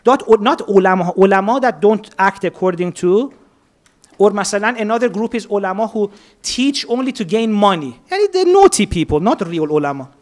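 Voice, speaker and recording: In an earnest religious talk built around stories, a woman lays out each account step by step, sprinkling in Persian and Arabic words. Her medium-pitched voice is expressive and moves at a moderate pace.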